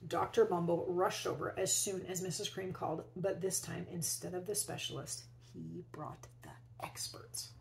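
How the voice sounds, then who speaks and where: A woman teacher reading a children's picture book aloud, expressively, and pausing to ask her young listeners questions. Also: lowish voice, fairly even intonation, creaky, slight background noise, low-quality recording. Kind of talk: children's read-aloud storytelling.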